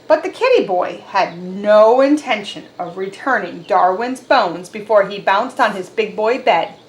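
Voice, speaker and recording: A woman reading a picture book aloud to children as an animated, expressive storyteller. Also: mid-range voice, measured pace, roomy sound, a little hiss or hum.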